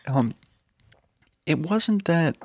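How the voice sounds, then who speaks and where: A man's voice: fairly high pitch, lively intonation, drawn-out words, dry recording, clean studio sound. A man co-hosting a gaming podcast, chatting casually and telling rambling stories with the odd swear word. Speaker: podcast co-host. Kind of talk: casual chat.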